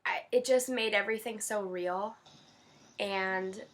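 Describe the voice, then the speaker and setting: A woman's voice: mid-range voice, measured pace. A young woman in her twenties chatting casually to camera, gushing and teary, with lots of fillers. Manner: emotional, gushing, many fillers. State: teary-eyed. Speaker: vlogger.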